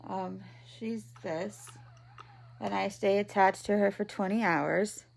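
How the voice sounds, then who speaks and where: A woman in her thirties talking in a personal video diary from home, halting and tearful, with many pauses and ums. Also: mid-range voice, gravelly. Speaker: vlogger, patient. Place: at home, in bed.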